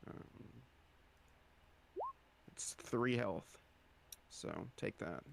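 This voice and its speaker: A man's voice: medium pitch, very slow, creaky, background noise. A man playing in a tabletop game, hesitant and full of fillers. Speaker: player.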